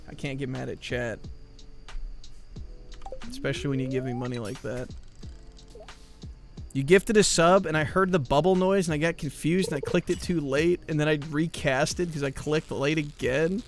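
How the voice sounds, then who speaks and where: A man's voice: on the high side, fairly even intonation, normal speed, pauses often, faint music behind. A man streaming live, chatting with his viewers in a rambling, joking, mock-exasperated way. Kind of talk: casual chat with viewers.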